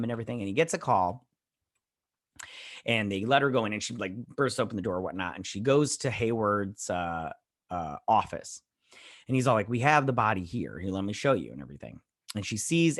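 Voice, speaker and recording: A man's voice: lowish voice, fairly bright tone, dry recording, studio quality. A man hosting his own show, casually retelling a TV episode with lots of fillers and loose quoting. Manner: rambling, filler-heavy retelling with many "uh" and "all like". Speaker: show host.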